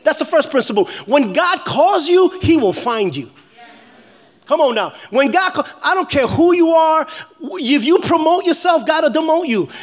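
A pastor in his forties preaches in a high, bright-pitched voice. He jokes with the congregation and shouts his declarations with energy. He is from New York. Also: normal speed. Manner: animated, joking, shouting declarations. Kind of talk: energetic sermon.

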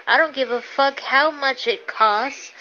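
A woman's voice: high-pitched, a little slow, pushed and bright. A woman in an angry rant, swearing and stammering over her restarts, exasperated. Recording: dull lo-fi sound with faint noise.

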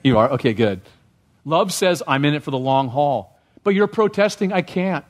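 A man's voice: medium pitch, big pitch swings, moderate pace. A man preaching a sermon as pastor, often checking in with the congregation with questions. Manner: asks the congregation questions, rising when stirred.

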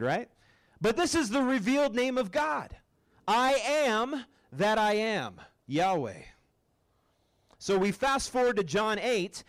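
A man preaching to a campus group in a casual, joking way, often checking in with the room. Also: sits high. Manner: casual, joking, keeps asking the crowd "right?". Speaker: campus ministry speaker. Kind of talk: sermon.

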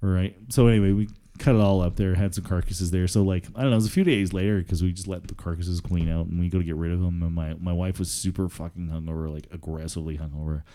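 A man's voice: low-pitched, fairly even intonation, fast talker, dark tone. A man, telling rambling, profane stories in casual chat and laughing often.

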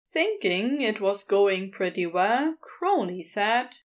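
A woman narrating a story in an audio drama with expressive storytelling. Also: medium pitch, slow. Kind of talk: scripted narration.

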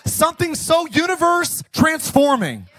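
A man preaching a jokey, energetic Easter sermon as pastor, often bursting into shouts. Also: normal speed. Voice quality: high, bright, animated preaching voice.

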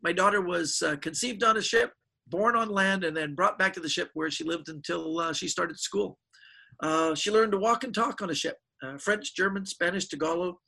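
A middle-aged man, a touch husky, spins stories in a high and bright voice. He slips into the voices of people he quotes. The talk is loose and casual, like an interview. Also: moderate pace, rough recording. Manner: animated storyteller acting out quoted voices. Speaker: guest magician.

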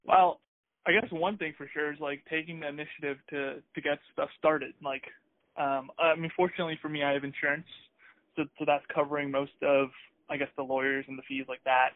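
A man's voice: a little high, flat delivery, brisk, no echo. Hesitant, upbeat man on a tinny line. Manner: hesitant, many fillers and restarts, upbeat. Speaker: podcast co-host. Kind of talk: casual conversational chat. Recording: tinny phone-like sound, dry.

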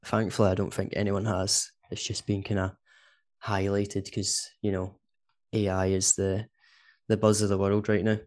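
Chatty Scottish man, low voice. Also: little pitch movement, moderate pace, a little mellow. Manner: chatty, laughs often, says "do you know what I mean". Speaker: podcast co-host. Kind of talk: casual chat.

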